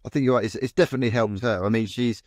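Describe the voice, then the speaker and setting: A man's voice: mid-range voice, steady tone, very fast, darkish tone, dry recording, studio quality. A man, co-host and medium, telling a story in a rambling way with many restarts and repeated words. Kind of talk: casual storytelling in a podcast chat.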